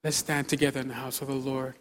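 A man preaching an altar-call sermon in a large church auditorium. He pleads and repeats short exhortations, moving from soft urging to loud fervor. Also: medium pitch, level tone, quick pace, a little hiss or hum.

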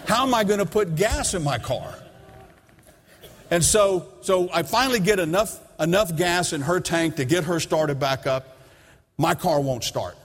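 A man's voice: a little high, lively intonation, measured pace, slight background noise. A middle-aged man preaching a sermon, telling a story and acting out his own side of the dialogue with emphasis. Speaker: pastor. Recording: long reverb of a large hall.

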